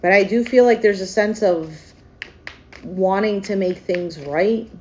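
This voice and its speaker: A woman doing a casual tarot reading to camera. She is emotional and thinks out loud, with frequent hesitations. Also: medium pitch, a little slow, muffled recording, slight background noise. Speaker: tarot reader.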